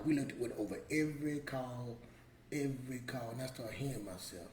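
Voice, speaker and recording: A middle-aged man gives a casual motivational talk, driving his points home by repeating them in plain, colloquial speech. His voice sits at an ordinary male pitch. The sound is roomy and echoey, with a faint ambient hum behind him. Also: brisk, a little mellow. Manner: emphatic, repetitive, colloquial, preachy. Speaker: motivational show host.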